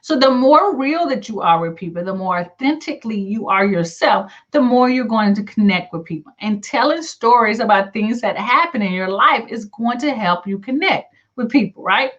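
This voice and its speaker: A woman's voice: fairly high pitch, animated, moderate pace, few pauses, a bit bright. A woman business coach talking casually to her viewers, often checking in with a "right?" aside. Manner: conversational, frequent "right?" asides. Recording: slightly dull lo-fi sound.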